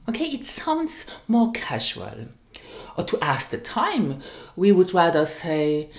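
Slow, careful woman teaching a language. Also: medium pitch, huge pitch swings, roomy sound. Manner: slow, careful, repeats example phrases. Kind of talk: language lesson.

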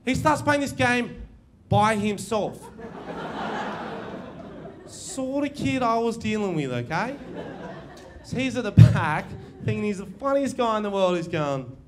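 A man's voice: high-pitched, expressive, a little slow, long pauses, over music, a crowd in the background. Brash man doing crude stand-up. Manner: brash, crude, laughs at his own jokes. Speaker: stand-up comedian. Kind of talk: stand-up comedy set. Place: comedy venue before a live audience. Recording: live stage recording with audience noise.

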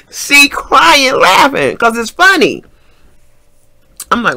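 A middle-aged woman tells a story in a lively, animated way. Her pitch leaps up and down as she acts out each line of dialogue, and her voice has a gravelly edge. She laughs often as she talks. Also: a little slow. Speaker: vlogger.

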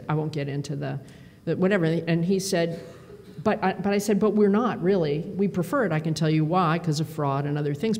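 A woman giving a conference talk, telling lively self-deprecating stories with quoted dialogue into a podium microphone. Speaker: conference speaker. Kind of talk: storytelling keynote speech. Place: large conference hall. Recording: reverberant hall with faint rumble.

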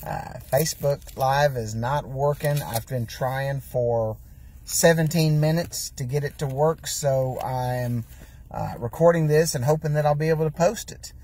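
A man's voice: mid-range voice, measured pace, darkish tone. A man preaching an earnest sermon from his parked truck, reading scripture aloud and repeating questions for emphasis. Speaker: pastor.

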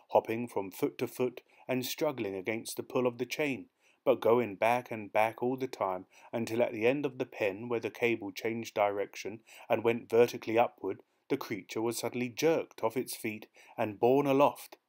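A man reading a dark short story aloud as an audiobook narrator, in a measured, steady storytelling manner. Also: mid-range voice. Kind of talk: scripted narration.

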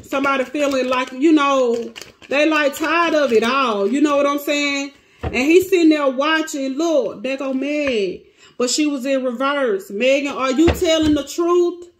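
This woman gives her viewers a casual, emotional tarot reading and is close to tears. Her voice is high-pitched and measured, with a little hiss or hum on the recording. She is dramatic, speaking to both the cards and her audience.

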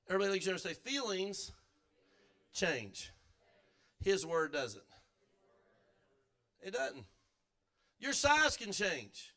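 Middle-aged male pastor, forceful bright tone, fervent call-and-response sermon in a church. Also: high-pitched. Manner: fervent preaching with call-and-response, at times shouting. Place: church sanctuary.

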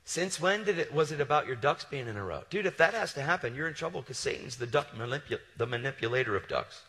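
A man preaching a sermon, telling stories in a casual, animated way with slangy asides. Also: medium pitch, fast, in a large hall. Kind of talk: storytelling sermon.

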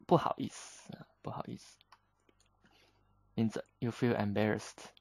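Slow, gravelly man teaching. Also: lowish voice, flat delivery, a little mellow, no room sound, poor audio. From China. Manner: unhurried, patient, slips between English and Chinese with frequent fillers. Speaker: Chinese teacher. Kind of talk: explaining vocabulary in a lesson.

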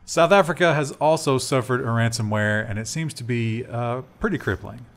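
A man's voice: mid-range voice, normal speed. A man co-hosting a casual tech news show, joking and chatting with fillers. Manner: lively, joking, trails off with fillers.

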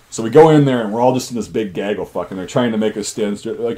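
A man's voice: on the low side, fast talker, hardly any pauses, dark tone. A man hosting his channel, casually telling army stories in a rambling, profane way. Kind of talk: casual storytelling.

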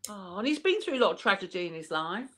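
A woman's voice: medium pitch, very animated, fast talker, bright, forceful tone. A woman hosting a casual chat, teasing and reassuring her guest. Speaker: host.

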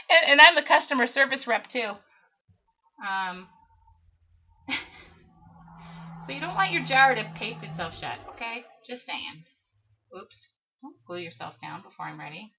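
A woman's voice: a little high, lively intonation, a little slow, long pauses. A middle-aged woman leading a live craft tutorial, chatty and self-mocking as she talks herself through the work. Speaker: craft demonstrator. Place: craft studio. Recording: dull lo-fi livestream audio with faint hiss.

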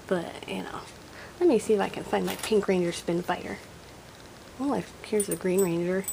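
A woman's voice: mid-range voice, moderate pace, gravelly, mellow. Chatty woman showing her old toys. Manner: chatty and nostalgic, thinking aloud. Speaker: vlogger showing her toy collection. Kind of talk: casual show-and-tell. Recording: noisy home recording.

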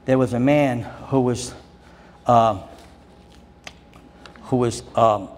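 Man preaching, mid-range voice, loud declarations then soft storytelling, long church reverb. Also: mid-range voice, steady tone, slow. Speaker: pastor. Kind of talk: sermon. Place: church sanctuary. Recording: long church reverb with faint background noise.

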